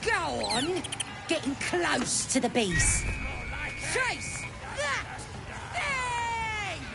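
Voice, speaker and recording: Taunting goblin ringleader, high voice swinging all over, slow drawl, game music behind. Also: female voice, big pitch swings, full character voice. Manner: bossy, gruff, taunting. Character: brash goblin running a chicken-chase game.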